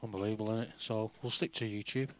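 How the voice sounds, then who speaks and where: A man co-commentating on a pool match, speaking in a steady, matter-of-fact way. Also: on the low side, quick pace, slight background noise. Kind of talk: live sports commentary.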